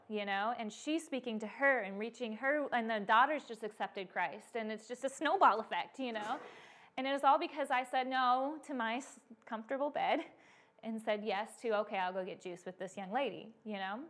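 A young woman from the United States shares faith testimony as a missionary speaker. Her voice sits a little high, and she tells her stories in an animated way, filling pauses with "um" and "you know.". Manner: animated storytelling with frequent fillers. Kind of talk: testimony to a church audience.

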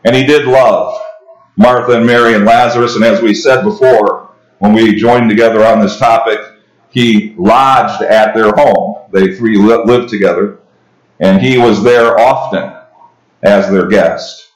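A man's voice: fairly low pitch, fairly even intonation, unhurried. A man preaching an expository sermon, reading scripture and explaining it in a conversational way, with restarts and asides to the congregation. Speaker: pastor. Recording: roomy echo.

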